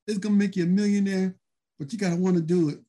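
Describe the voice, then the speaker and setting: A man playing a brash, pushy male wrestler, selling an idea with raised, insistent energy. The voice stays mellow and a touch higher than usual. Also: fairly even intonation, quick pace. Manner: pushy, persuasive.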